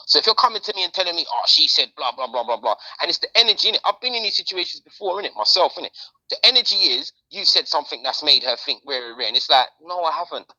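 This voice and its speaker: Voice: medium pitch, expressive, quick pace, bright, forceful tone, rough recording. A podcast host, chatting casually in slang and repeating phrases for emphasis. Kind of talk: casual chat.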